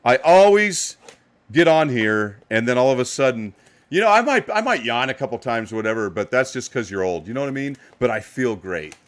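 A man's voice: medium pitch, sing-song, a little fast. Middle-aged male live-stream host, upbeat and hyped, a bit tired, everyday mid-range voice. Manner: upbeat, hyped shout-outs to chat viewers. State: a little tired. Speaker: live card-break host. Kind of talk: live-stream card break commentary.

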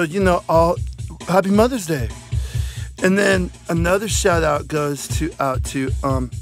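A man rambling through goofy shout-outs in a comedic vlog, recorded on a phone. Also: on the high side. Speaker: vlogger.

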